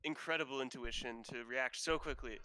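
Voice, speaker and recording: A pompous detective, as a man plays him, flatters in a halting, stumbling way. The voice is bright and smooth, close and dry. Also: medium pitch, no echo, rough recording. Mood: pompous flattering. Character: pompous self-proclaimed famous male detective.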